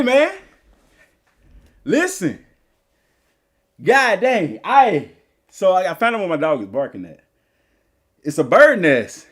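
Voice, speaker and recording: A man's voice: very high voice, a bit bright. A male gaming streamer chatting casually and rambling through stories while he plays. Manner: rambling, loose storytelling. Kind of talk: casual live-stream chat.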